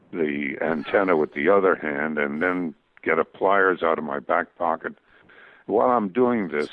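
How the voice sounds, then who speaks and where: Older man, deep gravelly voice, halting storyteller, tinny radio sound. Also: no echo. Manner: halting, full of restarts and fillers. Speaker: guest cartoonist. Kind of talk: interview storytelling. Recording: tinny phone-like radio audio.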